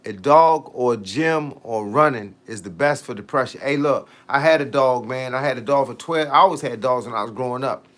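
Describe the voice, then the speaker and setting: A man's voice: medium pitch, a bit bright. A middle-aged man, chatting casually on a fitness livestream, slangy and easygoing as he reads and answers viewer comments. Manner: laid-back slangy talk, drawn-out tangents.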